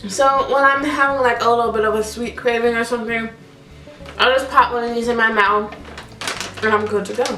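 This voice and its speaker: A woman in her twenties chatting casually on camera about her favorite products, gushing and repeating how much she recommends things. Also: recorded from a distance. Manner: chatty, gushing, repeats "so good" and "highly suggest". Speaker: beauty vlogger. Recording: echoey room, voice a bit off-mic, soft music. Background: faint background music.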